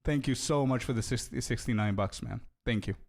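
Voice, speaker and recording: A man's voice: mid-range voice, creaky, darkish tone. Laid-back young man streamer, chatty. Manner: laughs often, halting restarts, calls people bro and dude. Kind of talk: casual livestream chat, thanking donors.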